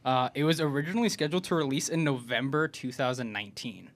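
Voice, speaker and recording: A man's voice: medium pitch, fast, a little hiss or hum. A man co-hosting a casual podcast, talking through a movie review. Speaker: podcast co-host.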